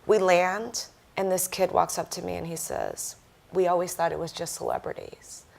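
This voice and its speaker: A woman with a slightly low voice tells a story to a live panel audience. She is animated and lively, acting out the lines of the people in her story. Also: moderate pace, gravelly. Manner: animated, acts out quoted voices. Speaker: panel guest speaker.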